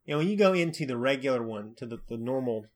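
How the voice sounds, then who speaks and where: A woman with an extremely deep, low voice, co-hosting a casual podcast. She is laid-back and fills in details with short remarks. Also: expressive, fast talker, darkish tone. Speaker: podcast co-host. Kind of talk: casual chat.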